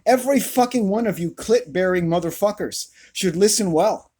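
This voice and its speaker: Furious, profane man with a squeaky voice. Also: normal speed, mellow, breathy edge. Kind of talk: angry rant to camera. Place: outdoors.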